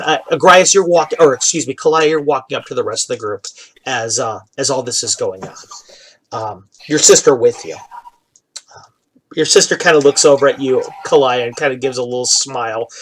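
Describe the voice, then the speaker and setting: A man narrating a tabletop game in easy, casual speech. He keeps pausing on "uh" and "um" as he sets the scene for the players. His voice sits at an ordinary middle pitch. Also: poor audio. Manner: relaxed, with many fillers. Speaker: dungeon master.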